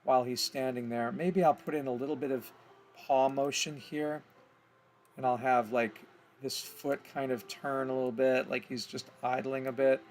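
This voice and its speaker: A man's voice: mid-range voice, little pitch movement, normal speed, darkish tone, slight background noise. A man explaining his steps in an easygoing, think-aloud tutorial, correcting himself as he goes. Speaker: animation tutor. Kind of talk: casual screen-recorded tutorial.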